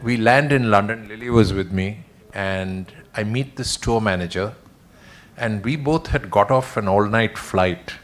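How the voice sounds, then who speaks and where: A man with a fairly low voice tells stories from his career in a relaxed, self-deprecating manner. He speaks plainly and takes his time, with a dry touch of humor. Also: a little slow. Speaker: senior executive honored at a farewell. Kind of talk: reminiscing speech. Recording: online webinar audio.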